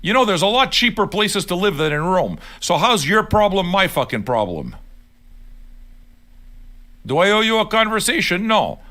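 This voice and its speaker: Bright, lively-voiced older man ranting. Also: sits high, moderate pace. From Neapolitan heritage. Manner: blunt, sweary and argumentative, addressing viewers directly. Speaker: livestream host. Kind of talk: profane casual rant on a livestream.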